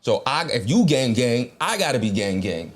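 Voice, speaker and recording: A man's voice: medium pitch, very animated, moderate pace. A man co-hosting a podcast in loose, slangy, joking chat. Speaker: podcast co-host. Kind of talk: casual chat.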